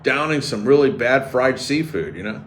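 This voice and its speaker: A man's voice: mid-range voice, moderate pace. A man hosting a sports radio show, riffing and joking sarcastically in casual banter. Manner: animated, sarcastic, riffing jokes. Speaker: radio host.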